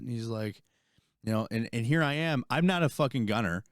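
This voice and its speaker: A young man, an army veteran and podcast co-host, telling a rambling, profane story in casual chat and getting animated as he retells it. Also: on the low side, brisk, clean tone, dry recording, studio quality.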